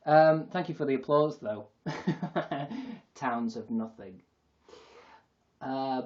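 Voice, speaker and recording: A man's voice: fairly high pitch, moderate pace, husky, dull audio. Rambling joking male streamer. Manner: rambling, joking, self-mocking, swears freely. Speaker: livestream host. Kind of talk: casual comedic livestream chat.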